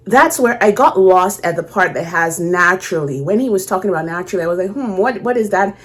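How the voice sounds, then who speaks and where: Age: adult. Sex: woman. Role: reaction host. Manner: chatty, musing aloud. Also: mid-range voice. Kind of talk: casual reaction commentary.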